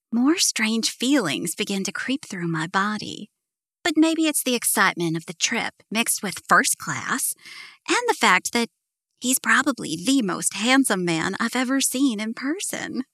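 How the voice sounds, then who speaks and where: A woman narrates a first-person romance in a bright voice with an expressive, lively delivery. Her pitch sits in the middle, and the recording is close and dry. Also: no echo. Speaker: audiobook narrator.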